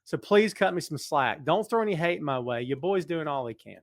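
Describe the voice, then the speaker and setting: A middle-aged podcast host runs a casual live stream from a large empty building, greeting viewers by name and teasing them before turning to a serious, earnest appeal. His fairly high voice is animated and a little fast, with no echo, picked up by a microphone in front of a camera.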